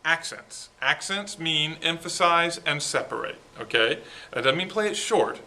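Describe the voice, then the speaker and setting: A man's voice: fairly high pitch, expressive, normal speed, sharp tone. A man coaching a student band through a march, explaining the parts and checking in with "okay" as he goes. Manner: coaching, sings parts with syllables. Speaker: composer coaching school band. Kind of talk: rehearsal instruction.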